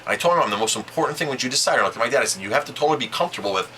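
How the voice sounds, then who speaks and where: A man speaks straight to the camera in a casual, emphatic monologue, retelling what was said with plenty of repetition. His voice is very bright and sharp and swings widely in pitch. A faint steady noise sits under the recording. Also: racing, poor audio. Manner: animated and emphatic, retelling conversations with repeats. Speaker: vlogger.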